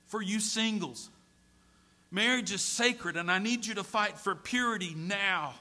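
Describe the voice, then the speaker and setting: A middle-aged man preaching a sermon as a pastor, moving from hushed storytelling to pleading shouts. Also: high-pitched, a little slow. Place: church sanctuary.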